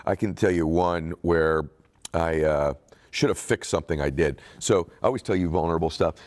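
A middle-aged man telling a personal story in an interview, earnest and confessional, his voice softening when moved. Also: low-pitched, moderate pace. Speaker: show host and author being interviewed. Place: live event stage.

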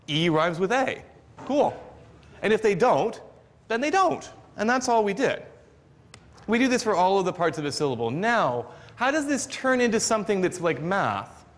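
High-voiced professor lecturing in a reverberant hall. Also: male voice. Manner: explanatory, lightly joking. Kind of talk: university outreach lecture.

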